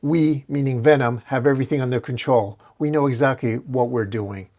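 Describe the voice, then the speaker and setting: A man reading out a heroine bonded with a symbiote from a comic. She speaks in a level, serious way and stays calm. His delivery stays close to his normal voice. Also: medium pitch, normal speed, natural voice.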